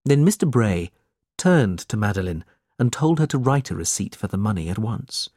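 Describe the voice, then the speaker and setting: A man reading a simplified classic novel aloud as narrator, in a clear, measured way. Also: lowish voice, very animated, darkish tone, dry recording, clean studio sound. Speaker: audiobook narrator. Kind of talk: scripted storybook narration.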